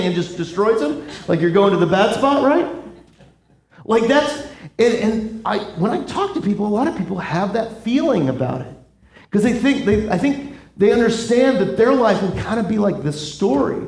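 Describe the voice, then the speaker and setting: Animated joking pastor in an echoey room. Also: male voice, high-pitched, normal speed, gravelly. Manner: animated, joking, acts out quotes. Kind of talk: casual conversational sermon. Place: church sanctuary.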